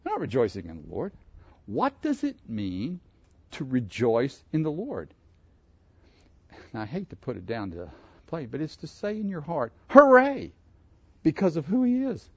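A man from Pittsburgh preaching a sermon, animated and asking his listeners questions. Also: medium pitch, normal speed, creaky, long pauses, husky, dry recording, muffled recording. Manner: animated, asks the audience questions. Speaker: pastor.

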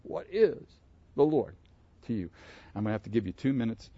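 A man from Pittsburgh preaching a sermon, animated and asking his listeners questions. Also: mid-range voice, brisk, dull audio. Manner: animated, asks the audience questions. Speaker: pastor.

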